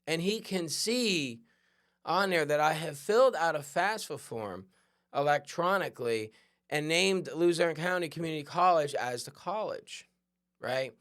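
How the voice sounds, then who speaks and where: A man hosting a podcast, telling a personal story in a conversational, animated way and often checking in with "right?". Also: on the high side, measured pace. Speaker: podcast host. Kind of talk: storytelling monologue.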